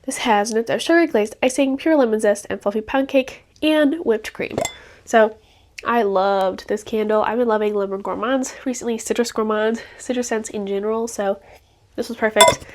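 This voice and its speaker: A chatty young woman talks through her finished beauty and home products in a loose, rambling way. Her voice sits a little high, and fillers run through nearly every sentence. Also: fairly even intonation, normal speed, slight background noise. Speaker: beauty vlogger. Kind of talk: casual product review.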